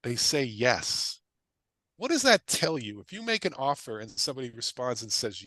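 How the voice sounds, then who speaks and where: Leading a live online class with energy, a middle-aged guest real estate investor is punchy and repetitive, pressing points through questions and tossing in casual asides and quick tangents. His mid-range voice has big pitch swings and a bright, forceful tone, in a dry recording.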